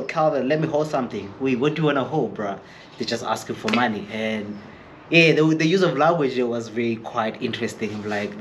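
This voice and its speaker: Male vlogger, mid-pitched, chatty storyteller who mimics others, faint background hiss. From Eastern Free State, South Africa. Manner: chatty, rambling, acts out quoted people. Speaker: chef vlogger. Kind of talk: casual storytelling to camera.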